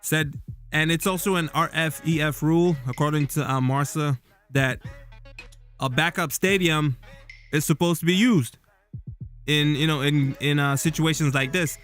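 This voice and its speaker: Man, fan vlog host, rambling casual talk, slightly high voice, faint music underneath. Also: steady tone, normal speed, fairly bright tone. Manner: rambling, loose, with many fillers and restarts. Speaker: football vlogger. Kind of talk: casual solo commentary.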